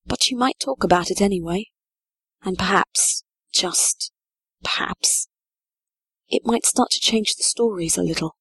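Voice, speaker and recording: A woman's voice: mid-range voice, normal speed, husky, dry recording. A woman voicing a weary, grim medieval sheriff. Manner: tired, quiet, heavy-hearted.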